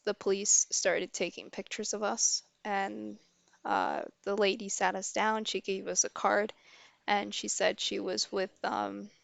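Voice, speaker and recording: Young woman streamer telling her story, halting and candid, dry close mic. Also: medium pitch, creaky, no room sound. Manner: candid and halting, with many restarts. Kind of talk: casual personal storytelling.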